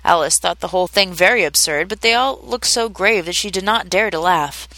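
A woman narrating a classic children's story in a measured, expressive reading. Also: on the low side, no room sound.

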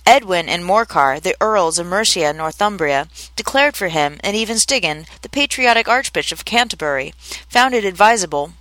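A woman's voice: on the low side, animated, brisk, fairly bright tone, no room sound, rough recording. A woman reading as a pompous lecturing mouse. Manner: prim, lecturing. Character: pompous self-important mouse, small and fussy.

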